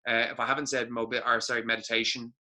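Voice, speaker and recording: A man's voice: medium pitch, flat delivery, fast, pushed and bright. A man co-hosting a podcast, giving blunt motivational talk full of swearing and emphatic repetition. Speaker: podcast co-host.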